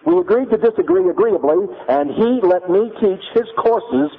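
A man telling a personal story in a lively, emphatic, punchy way. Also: high voice, moderate pace, slightly rough. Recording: tinny phone-like audio.

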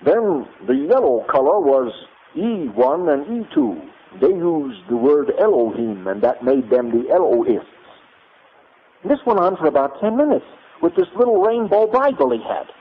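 A man telling a personal story in a lively, emphatic, punchy way. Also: a little high, moderate pace. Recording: tinny phone-like audio.

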